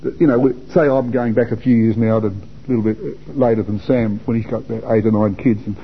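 This Bible class teacher, an older Australian, talks informally to young men, chatty and repetitive, firing questions at them. He has a medium-pitched, steady voice and speaks fairly quickly, and the dull lo-fi recording carries a little hiss or hum.

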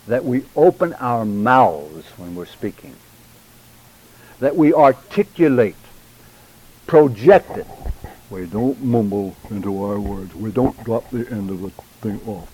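An older man teaching a church public speaking class, deliberate and emphatic, addressing his students directly. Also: medium pitch, lively intonation, dark tone, breathy edge, rough recording.

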